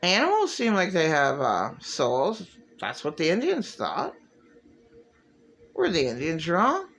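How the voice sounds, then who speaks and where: A man talks straight to camera in a rambling religious monologue, his voice gravelly with fry and sitting a little high for a man. He rants in a bitter, agitated way, and his pitch jumps suddenly. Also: wildly swooping pitch, slow, a bit bright. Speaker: vlogger.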